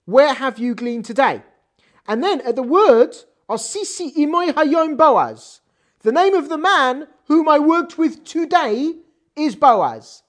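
An animated Torah teacher works through a text, firing off rhetorical questions. The pitch swings widely up and down. Hebrew terms are read out along the way. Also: slow. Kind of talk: text study lesson.

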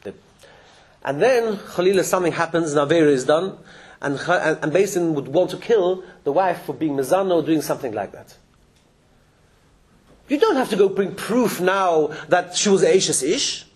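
Male religious teacher lecturing a room of listeners, high and lively voice, chuckles and restarts often. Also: normal speed. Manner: animated, chuckling, with frequent restarts. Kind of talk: lecture to a live class. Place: classroom with listeners.

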